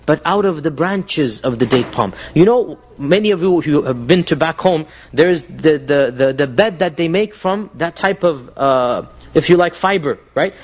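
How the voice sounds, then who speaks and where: Man, high voice, religious lecture, earnest storytelling, restarts sentences, Arabic phrases, muffled lo-fi recording. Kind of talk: live religious lecture to an audience.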